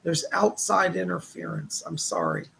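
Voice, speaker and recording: A man doing live psychic readings on a stream, calmly reassuring viewers and passing on messages. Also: fairly high pitch, measured pace, gravelly, a little hiss or hum. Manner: reassuring, relays spirit messages, reads viewer questions aloud.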